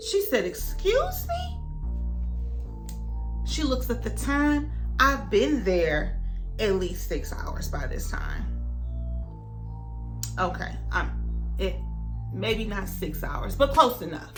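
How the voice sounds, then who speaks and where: A young woman vlogger telling a story in a casual, animated way, acting out the other people's lines. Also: medium pitch, slow pace, pauses often, faint music behind. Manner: animated, dramatic retelling with voices for others.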